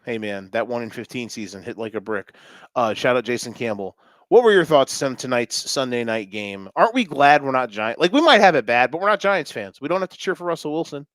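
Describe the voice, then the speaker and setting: A man's voice: medium pitch, lively intonation, a little fast, a bit bright, no room sound, clean studio sound. A man co-hosting a sports podcast, talking energetically and joking in casual chat. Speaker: podcast co-host.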